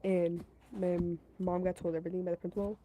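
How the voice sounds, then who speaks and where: Rambling, mellow-voiced woman telling a story. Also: lowish voice, level tone, quick pace, a little hiss or hum, low-quality recording. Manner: rambling, filler-heavy, repeats herself, giggles; talks to her chat between story parts. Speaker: storytelling streamer. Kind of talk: casual storytime chat.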